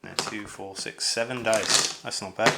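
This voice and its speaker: A man's voice: fairly low pitch, fairly even intonation, measured pace, vocal fry, heavy background noise. A man chatting casually as he unboxes a board game, rambling with lots of fillers and asides.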